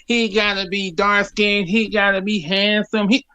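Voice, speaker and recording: Forties guy calling in, high voice, bright and dry, chatty and laughing. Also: level tone, a little slow, smooth, no room sound. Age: 40s. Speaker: caller. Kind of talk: casual chat.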